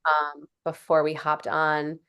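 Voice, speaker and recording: A woman's voice: low voice, monotone, slow pace, fairly bright tone, smooth. A woman hosting a podcast interview, talking in an earnest, gushing way with lots of "like" and "um". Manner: earnest, gushing, many fillers like "like" and "um". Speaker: podcast host. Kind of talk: casual conversational interview.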